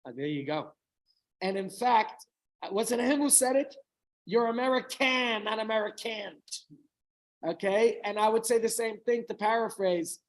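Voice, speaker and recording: A man's voice: high-pitched, animated, moderate pace, darkish tone, rough recording. A middle-aged man, a rabbi, giving an informal talk to a small group, telling a story with chatty asides and questions to his listeners.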